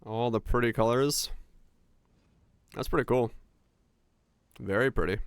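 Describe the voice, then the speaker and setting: A man's voice: mid-range voice, a little slow, smooth, no room sound. A man streaming a game, chatting casually and telling rambling, laughing stories with lots of fillers. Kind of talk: casual chat while gaming.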